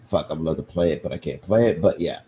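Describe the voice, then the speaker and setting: A man's voice: a bass voice, fast, mellow, a little hiss or hum. A man co-hosting a casual stream chat, talking loosely, swearing and trailing off. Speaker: co-host.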